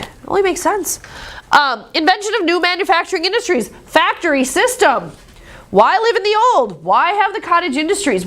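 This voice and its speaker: A woman's voice: sits high, a bit bright. A woman teaching a history class in a classroom, chatty and joking, acting out quoted voices. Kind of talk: casual classroom lecture.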